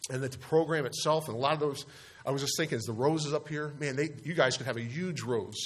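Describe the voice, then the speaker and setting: A man's voice: medium pitch, fast talker, husky. A man giving an informal devotional talk to a group, speaking conversationally and posing rhetorical questions. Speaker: youth speaker.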